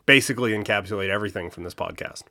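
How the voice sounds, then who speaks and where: A man co-hosting a casual history podcast, relaxed and jokey, with crude asides. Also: fairly low pitch, rapid-fire, creaky. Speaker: podcast co-host.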